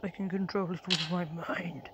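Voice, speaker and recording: A woman giving casual commentary while playing a game on her phone, chatty and reacting out loud, sometimes dropping into a whisper. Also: lowish voice, steady tone, moderate pace, muffled recording. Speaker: gameplay commentator. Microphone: phone screen recording. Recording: phone recording with loud background noise.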